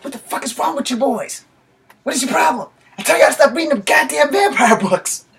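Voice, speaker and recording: A man putting on the voice of an exasperated father yelling at two boys to go to sleep. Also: very high voice, lively intonation, fairly quick, gravelly, pitched above the performer's own voice, exaggerated voice. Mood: angry yelling.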